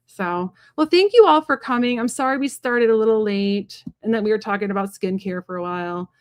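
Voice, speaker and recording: A woman's voice: medium pitch, a little fast, darkish tone, clear, resonant tone, no room sound, clean studio sound. A woman in her thirties from Kansas, hosting a casual tarot livestream, chatty and rambling with lots of fillers and asides.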